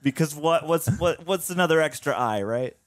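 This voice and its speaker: A man's voice: fairly high pitch, expressive, no echo. A man co-hosting a TV reaction show, bantering and laughing easily. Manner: giggly, chatty, quick banter. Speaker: co-host of a reaction review show. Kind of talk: casual chat.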